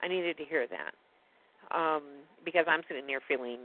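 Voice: medium pitch, moderate pace. A guest telling a personal story in a rambling, indignant way during a casual phone conversation. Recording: tinny phone line, dry.

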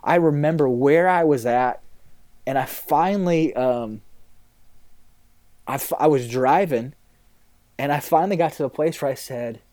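A man's voice: fairly high pitch, unhurried, pauses often, a little mellow. A man in his thirties, a pastor, talking candidly in a casual interview, rambling a little with fillers.

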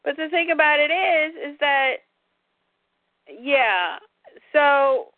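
High, lively woman on a tinny line. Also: slow pace, dry recording. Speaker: podcast co-host. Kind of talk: casual chat about comics. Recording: dry, tinny phone-like line.

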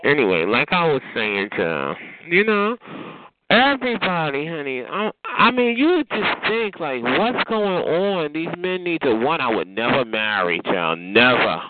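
Through tinny phone-line radio sound with a faint hiss, a call-in host speaks a little slowly in a sing-song voice on the high side. He mocks his callers with camp, profane sass, addressing them as honey and child.

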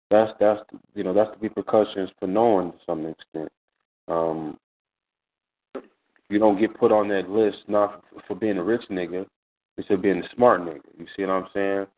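A man speaking in casual radio talk, measured, leaning on "you know" and "you see what I'm saying". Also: sits low, fairly even intonation. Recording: phone-like radio line.

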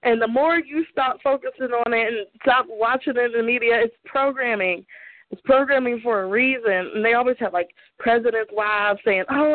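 A woman's voice: fairly high pitch, dry recording. Blunt, profane woman on a tinny line. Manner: blunt, profane, laughs often. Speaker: podcast co-host giving opinions. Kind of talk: casual opinion rant. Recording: tinny phone-like line, dry.

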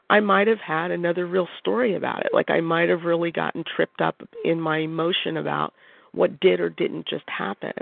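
A man's voice: high voice, vocal fry. A man on a call, telling a personal story in a reflective, hesitant way with many restarts. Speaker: caller. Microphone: phone line. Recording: phone-line audio.

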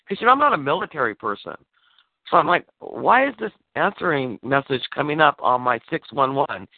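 A man telling an animated story over a call, gravelly and full of cursing as he acts out what was said. His voice is dry, with a tinny phone-line sound. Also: on the high side, fairly quick, no room sound. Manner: animated storytelling, swearing, acting out quoted lines. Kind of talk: casual phone chat.

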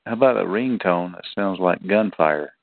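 Deep-voiced man quipping over a call. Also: moderate pace, creaky, no echo. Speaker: prank call co-host. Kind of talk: casual chat on a voice call. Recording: tinny phone-like call audio, dry.

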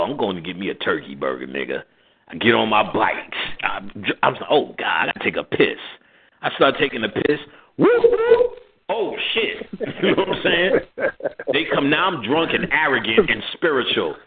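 A man's voice: medium pitch, vocal fry, breathy edge. A man with a New York accent, hosting a radio show and telling a story in a casual way, acting out the other voices. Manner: animated, acts out voices and laughs. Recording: phone-like lo-fi audio.

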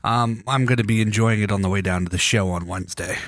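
A man's voice: fairly low pitch, fairly even intonation, quick pace, a bit bright, no room sound, clean studio sound. A man with a stuffy nose from a cold, hosting a casual podcast chat, rambling and joking as he steers the talk. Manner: rambling, joking, bossy with co-host. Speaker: podcast host.

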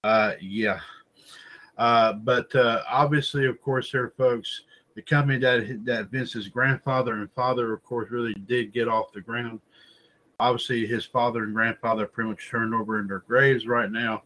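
A man's voice: mid-range voice, fairly even intonation, moderate pace, bright, forceful tone, low-quality recording. A man hosting a wrestling news podcast, talking in a rambling, casual way, often circling back with filler phrases and calling his listeners folks. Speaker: podcast host.

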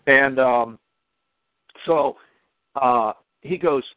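A man calls in to a talk show and spins a lively story, pitched at an ordinary male level. He keeps acting out the back-and-forth himself. The sound is a dry, tinny phone line. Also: drawn-out words, no room sound. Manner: animated, retells his own dialogue. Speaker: caller. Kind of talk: call-in storytelling.

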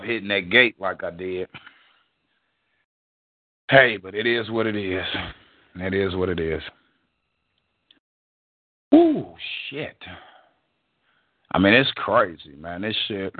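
A middle-aged man hosting a live stream, out of breath, cursing and rambling casually at his viewers. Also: on the low side. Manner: profane, rambling, addresses viewers as "y'all". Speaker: livestream show host. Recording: tinny phone-like audio.

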